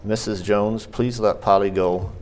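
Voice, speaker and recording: A man reading the lines of a kind woman boarder in a children's story, in his own deep voice. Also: steady tone, unhurried, a little mellow, slight background noise, natural voice.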